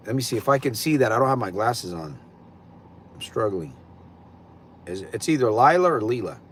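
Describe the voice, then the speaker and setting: A man's voice: mid-range voice, big pitch swings, moderate pace, long pauses, fairly bright tone, a little hiss or hum. A middle-aged man hosting a livestream in casual, rambling talk, repeating himself for emphasis. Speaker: livestream host.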